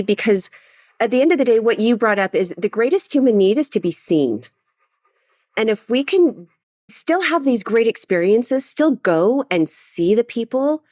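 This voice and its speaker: A woman speaks as a podcast guest, her voice rising and falling a lot as she talks. She answers in a warm, affirming way. The recording is dry and close. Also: mid-range voice, no echo. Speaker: guest, charity executive. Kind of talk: casual interview chat.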